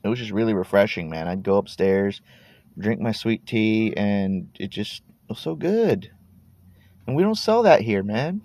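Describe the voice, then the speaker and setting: A man's voice: on the low side, expressive, measured pace, darkish tone, dry recording. A man in his thirties from Texas, rambling laid-back and cursing casually while sitting in his parked car. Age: 30s. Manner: laid-back, meandering, swears casually, trails off and repeats words. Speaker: podcast host.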